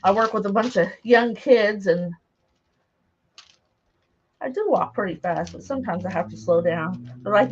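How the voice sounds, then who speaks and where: Working at a table in her home craft room, a middle-aged woman runs a live craft stream, rambling in a casual chat and calling out viewers by name. She speaks at a moderate pace in a fairly high, lively voice. The camera mic catches her as she moves around, and the stream sound is dull and lo-fi with a bit of background noise.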